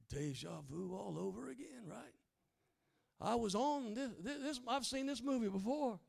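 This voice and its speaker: A middle-aged man preaching an animated sermon, swinging from loud acted lines to low, hushed asides. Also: vocal fry. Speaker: guest preacher.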